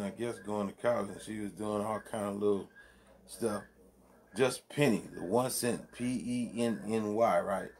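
A man vlogging from his home man cave, chatting loosely and profanely and laughing often as he rambles. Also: fairly low pitch. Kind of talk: casual rambling commentary.

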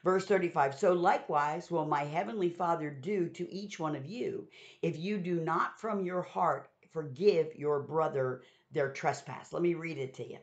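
A woman's voice: deep voice, moderate pace. A woman giving a conversational Bible teaching, retelling scripture in everyday modern words. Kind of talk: sermon teaching. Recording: dull lo-fi sound.

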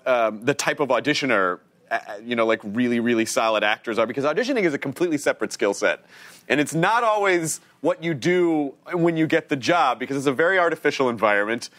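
A man hosting a TV talk show, reading viewer questions and teasing his guest with fast jokes. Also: fairly high pitch, animated, fairly bright tone. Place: TV studio with audience.

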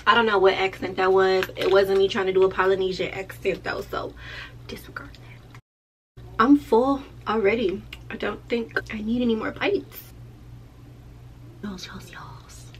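A woman's voice: mid-range voice, fairly even intonation, moderate pace, a bit bright, a little hiss or hum. A chatty woman vlogging at an easy, loose pace, talking to her viewers like friends. Her voice sits in an ordinary middle range, with faint room ambience behind her. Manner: chatty, loose and playful, talks straight to viewers. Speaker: lash tech vlogger. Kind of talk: casual vlog chat.

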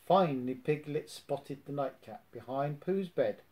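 Man reading a kids storybook, gentle, warm mellow voice. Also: on the high side, unhurried, low-quality recording.

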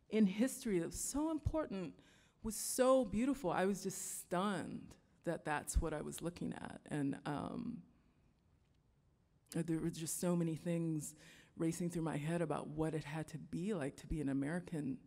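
Woman storyteller, low-ish voice, earnest and halting, live hall with long reverb. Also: warm tone. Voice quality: reflective, earnest, halting with fillers. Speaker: musician and storyteller. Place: stage in a large hall before an audience.

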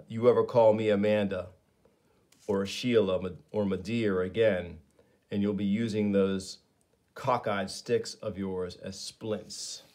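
A man voicing a tough, commanding woman boss, cutting and stern in a comic read-aloud. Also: on the low side.

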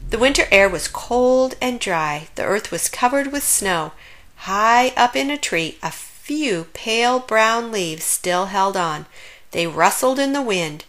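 A woman narrates a children's picture book slowly and expressively. Her voice is bright and sing-song, rising and falling widely. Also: a little high. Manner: slow, lilting, expressive. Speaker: storyteller. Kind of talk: children's read-aloud narration.

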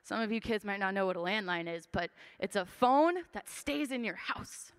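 With lively intonation and a smooth, mid-range voice, a twenty-something woman tells her personal testimony at a moderate pace. The church sanctuary adds a long reverb, and she talks earnestly and casually, using lots of fillers.

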